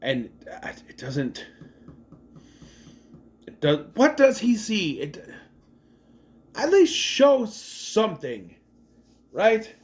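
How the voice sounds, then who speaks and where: Male movie reviewer, casual recap, animated delivery, pitch slightly high and very lively. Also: drawn-out words, pauses often. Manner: animated, swears, mocks scenes in exaggerated voices.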